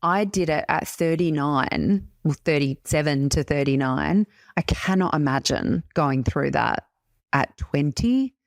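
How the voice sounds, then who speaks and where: A woman's voice: sits low, expressive, measured pace, vocal fry, dry recording. Empathetic woman host, dry sound. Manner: warm, empathetic questioning. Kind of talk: interview conversation.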